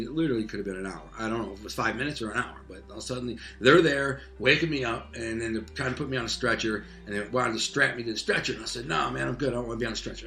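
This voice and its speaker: A man from Detroit telling a personal story in casual, animated speech, often tossing in "man" and "like". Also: mid-range voice. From Detroit, United States. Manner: vivid, animated retelling peppered with "man" and "like". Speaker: interview guest telling a life story.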